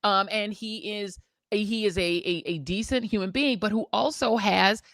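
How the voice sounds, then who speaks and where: A woman co-hosting a podcast in casual chat, animated and gossipy, laughing often. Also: medium pitch, normal speed, dry recording, studio quality. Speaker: podcast co-host.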